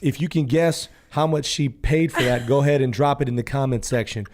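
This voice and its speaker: A male host in relaxed conversation who chimes in with short questions and jokes. His voice sits in a middle range. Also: mid-range voice, a little fast. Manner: joking, brief interjections. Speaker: show host. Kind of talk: casual chat.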